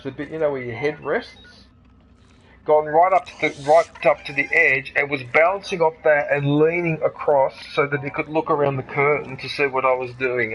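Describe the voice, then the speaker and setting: Chatty Australian gaming host. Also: male voice, fairly high pitch, highs cut off, slight background noise. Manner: excitable, chatty, laughs at own jokes. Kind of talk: casual gameplay commentary.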